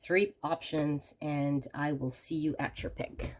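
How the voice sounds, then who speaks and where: Low-pitched lady doing a tarot reading to camera, bit groggy and hoarse, soft reassuring way of talking. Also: flat delivery, measured pace. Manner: gentle, reassuring, addresses viewers warmly as friends. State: slightly hoarse from a cold. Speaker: tarot reader and channel host.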